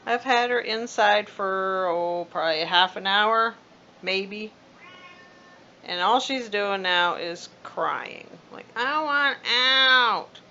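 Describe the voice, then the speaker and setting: Chatty woman with a gravelly, bright voice. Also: medium pitch, slow pace, slight background noise. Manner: chatty and rambling, coos at her cats. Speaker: vlogger. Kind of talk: casual rambling vlog. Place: backyard outdoors and at home. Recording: dull lo-fi home video.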